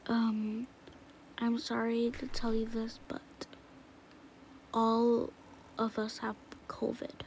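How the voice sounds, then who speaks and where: A woman playing a mother in a home-made family skit, talking softly and reassuringly, often half-whispered. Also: on the high side, monotone, slow pace, long pauses. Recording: noisy home recording.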